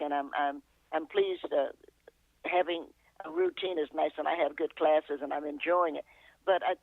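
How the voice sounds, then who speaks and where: Older woman guest on a call-in, animated and a bit gravelly, laughs between thoughts, phone-line sound. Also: on the low side, dry recording. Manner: chuckling, meandering, self-correcting. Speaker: guest author and poet. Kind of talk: reflective storytelling interview. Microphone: telephone. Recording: tinny phone line, dry.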